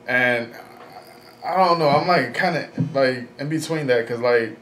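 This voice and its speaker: A man's voice: mid-range voice, animated, normal speed, a bit bright. A man in his twenties talking casually in a vlog, rambling with lots of fillers and slang, blunt and frank. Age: 20s. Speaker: vlogger. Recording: echoey room, faint background noise.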